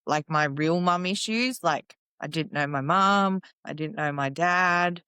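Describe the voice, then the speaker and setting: A woman's voice: sits low, measured pace, bright, forceful tone, smooth, dry recording. A young woman, a guest in an interview, talking plainly and casually about her life. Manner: plain-spoken, casual, lots of fillers.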